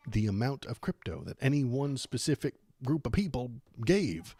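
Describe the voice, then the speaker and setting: A man's voice: mid-range voice, very animated, moderate pace, few pauses, mellow, no room sound, studio quality. A man hosting a political livestream, giving sarcastic, exasperated commentary.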